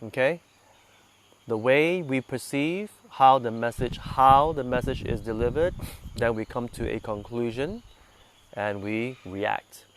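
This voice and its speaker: A man leading a meditation group, talking gently and conversationally and putting questions to his listeners, a little congested from sinus trouble. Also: mid-range voice, a little slow, a little hiss or hum. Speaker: meditation guide. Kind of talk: relaxed talk to a meditation group.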